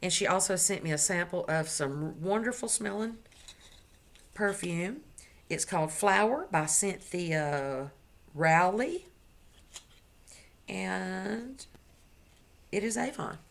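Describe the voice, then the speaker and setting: A woman's voice: medium pitch, lively intonation, slow pace, vocal fry, long pauses. A woman crochet vlogger chatting casually to the camera at home, gushing as she shows off her gifts and correcting herself as she goes. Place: at home indoors.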